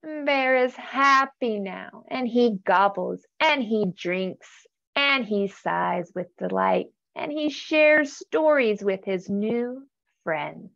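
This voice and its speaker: A woman reading a picture book aloud to children, animated, gasping and asking questions as she goes. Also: medium pitch, slow, gravelly, highs cut off. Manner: animated, gasps, asks listeners questions. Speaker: storytime reader.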